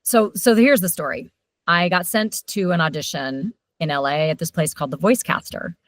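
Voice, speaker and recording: A middle-aged woman, a voiceover coach, telling stories animatedly in a casual interview. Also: lowish voice. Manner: animated storyteller, quick shifts in loudness.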